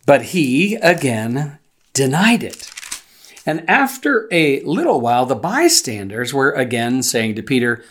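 A man in a mid-range voice preaches through a passage, reading scripture aloud and then explaining it in an easy, conversational way. He talks like a teacher, with pauses and small fillers as he thinks. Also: mid-range voice, very animated, a bit bright. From United States. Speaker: pastor. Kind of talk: expository sermon.

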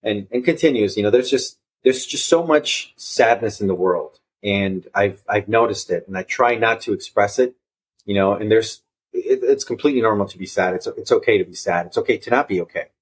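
Low husky guy on a podcast, earnest, keeps restarting his sentences while he tells stories. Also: brisk. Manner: earnest, repeats and restarts phrases, acts out quoted voices. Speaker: podcast guest. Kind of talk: reflective conversational storytelling.

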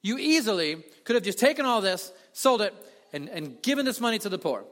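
A man preaching a sermon as a pastor, telling the story with animated delivery and acting out the voices he quotes. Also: high-pitched, brisk. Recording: long hall reverb.

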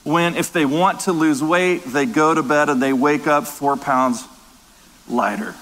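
High-pitched guy preaching in a big church, punchy and repeating himself, lots of hall echo. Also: steady tone, measured pace, a bit bright. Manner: emphatic, repetitive preaching with restarts. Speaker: pastor. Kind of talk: sermon.

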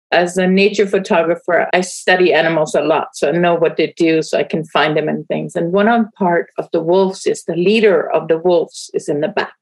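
A woman's voice: fairly low pitch, rough recording. A woman hosting a podcast, introducing her guest and asking questions with enthusiasm. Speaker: podcast host.

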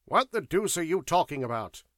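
A man reading an audiobook, voicing a gruff, blunt military major with a brusque way of speaking. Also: a little high, big pitch swings, moderate pace, a bit bright, no echo, clean studio sound, voice pushed up. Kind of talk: audiobook character voice.

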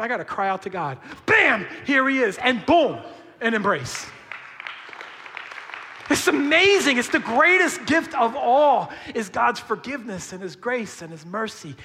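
High, bright-voiced preaching man. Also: big-room sound. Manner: emphatic, swings between hushed and shouting; conversational, uses slang. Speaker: pastor. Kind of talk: sermon.

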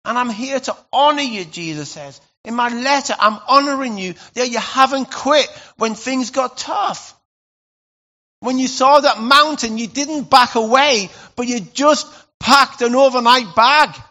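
In a high, ringing voice, a male pastor preaches unhurriedly, chatting casually with the congregation before breaking into loud bursts for emphasis. His manner is animated, and the recording is a little muffled.

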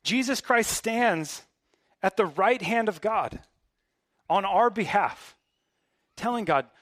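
A man's voice: high-pitched, animated, slow, pauses often, fairly bright tone, dry recording, studio quality. A male pastor delivering a sermon in a conversational, emphatic way, with casual asides.

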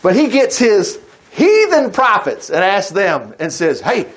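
A man preaching a sermon, retelling a Bible story in a folksy, animated way with frequent chuckles. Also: high-pitched, unhurried.

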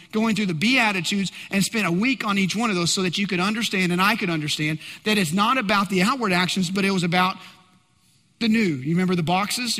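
High, bright-voiced preacher in a hall. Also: male voice. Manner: animated preaching, swings from shouting to hushed. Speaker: pastor. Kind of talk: sermon.

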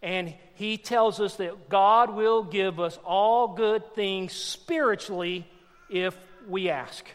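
A man preaches to his congregation with strong emphasis, his voice pitched high for a man. A long reverb trails each phrase, as from a church sanctuary. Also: fairly even intonation, slow pace, clean tone. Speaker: pastor. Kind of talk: sermon.

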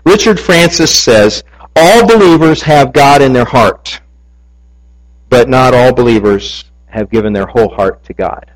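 A man, a pastor, preaching a sermon, telling a story and ending in soft, earnest prayer. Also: medium pitch, a little slow, poor audio.

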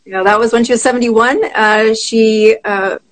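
A middle-aged woman, a physician guest, telling a personal story in conversation, animated and quick to laugh. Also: a little high, low-quality recording.

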